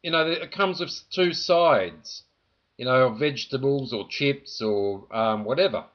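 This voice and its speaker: A man's voice: mid-range voice, unhurried, muffled recording. Indignant Australian man, rambling complaint. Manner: indignant, rambling, full of "you know" fillers. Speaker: vlogger.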